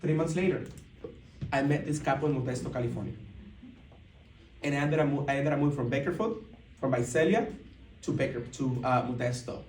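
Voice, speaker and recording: A man's voice: medium pitch, brisk, long pauses, slight background noise. Man speaking in an echoey hall. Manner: animated, acts out dialogue, frequent restarts. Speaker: motivational speaker at a business event. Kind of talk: storytelling speech to a live audience. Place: large indoor event room. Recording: echoey hall, mic heard from a distance.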